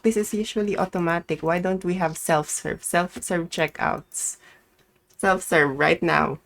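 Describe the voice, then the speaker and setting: A young woman from the Philippines streaming a game live, chatting to herself, swearing and squealing greetings at customers. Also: low-pitched. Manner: swearing, chatty self-talk while playing. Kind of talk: live gameplay chat.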